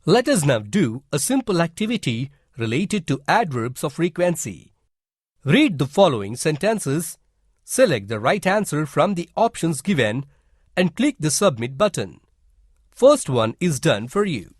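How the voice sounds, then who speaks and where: Male narrator for kids' lesson videos, slow and clear, husky, lively pitch. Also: no room sound, studio quality. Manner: slow and deliberate, instructive. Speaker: teacher narrator. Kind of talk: scripted educational narration.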